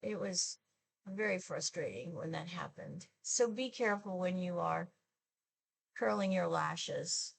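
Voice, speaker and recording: Older lady in her 60s doing her makeup, talks slow and chatty, bit of gravel in her voice. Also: fairly low pitch. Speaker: beauty vlogger. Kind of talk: get-ready-with-me makeup chat.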